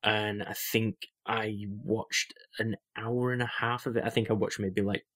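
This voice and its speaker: A man's voice: on the low side, flat delivery, measured pace, a bit bright. Rambling, chatty young man. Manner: rambling, chatty, many fillers and restarts. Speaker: podcast co-host. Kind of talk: casual chat.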